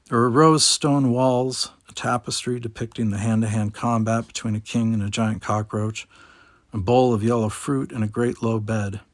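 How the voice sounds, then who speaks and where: A man narrating a short science fiction story in a steady storytelling manner. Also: medium pitch, moderate pace, dry recording, studio quality. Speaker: audiobook narrator. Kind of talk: audiobook narration.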